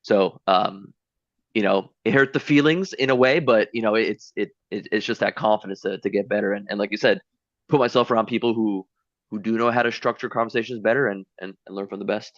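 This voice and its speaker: Low guy on a muffled video call, quick but halting, keeps repeating himself. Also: fairly even intonation, fairly bright tone, dry recording. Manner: halting, repeats words, humble. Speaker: guest salesperson. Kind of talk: casual video call chat. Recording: dull lo-fi call audio.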